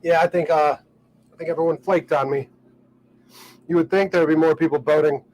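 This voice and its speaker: A man, chatting casually in a relaxed, rambling way with lots of fillers, recorded on a boat outdoors. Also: fairly high pitch, fairly quick, rough recording. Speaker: vlogger. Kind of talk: casual vlog talk.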